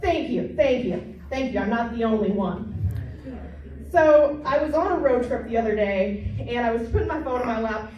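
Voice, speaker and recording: A woman's voice: on the high side, animated, moderate pace, muffled recording. A young woman doing a brash, crude stand-up comedy set, chatting with the crowd and mocking herself. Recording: distant mic in a very echoey room.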